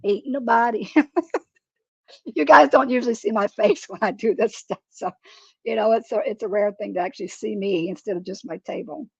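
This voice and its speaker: A woman's voice: mid-range voice, moderate pace, vocal fry, a little mellow, breathy edge, dry recording, highs cut off. A middle-aged woman chats and laughs often while she sculpts and paints on a live stream from her craft table at home. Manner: chatty and rambling, laughs often. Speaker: craft presenter.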